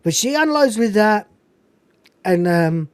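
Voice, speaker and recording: A woman recapping a film scene by scene in a loose, profane, animated way, wandering off on asides as she goes. Her pitch sits mid-range, and the recording is dry with almost no room sound. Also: slow, clean tone, no room sound. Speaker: podcast host.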